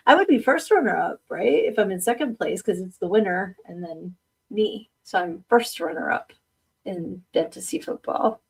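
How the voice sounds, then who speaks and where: A woman's voice: medium pitch, animated, moderate pace, vocal fry, husky. Chatty middle-aged woman, slightly distant mic. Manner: rambling, chatty, laughs often at herself. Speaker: podcast host. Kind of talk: casual livestream chat, reading viewer comments aloud.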